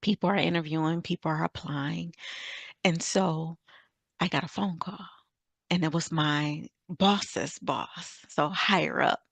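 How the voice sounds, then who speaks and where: A woman's voice: deep voice, a little slow, vocal fry, a bit bright, no echo. A middle-aged woman from Michigan telling an earnest, faith-filled story of her career as a summit speaker. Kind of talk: personal testimony talk.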